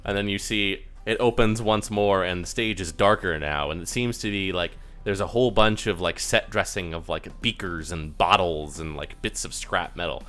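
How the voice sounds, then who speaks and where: A man's voice: low-pitched, normal speed, hardly any pauses, sharp tone. Man rambling as tabletop game master. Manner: rambling, filler-heavy description.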